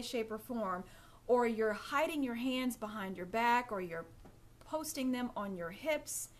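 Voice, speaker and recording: A woman etiquette coach giving direct, instructive tips to viewers during a live stream, addressing them as ladies and acting out hesitant and confident examples. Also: fairly high pitch. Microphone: phone or webcam.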